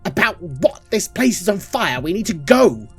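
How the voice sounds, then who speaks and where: A stern old matron who lectures without mercy, voiced by a man running a tabletop game. Her words are harsh and strict, and soft music plays behind her. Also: lowish voice, steady tone, takes it slowly, breathy edge, exaggerated voice. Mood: panicked. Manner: harsh, lecturing, pleading when trapped. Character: stern strict older woman, orphanage matron.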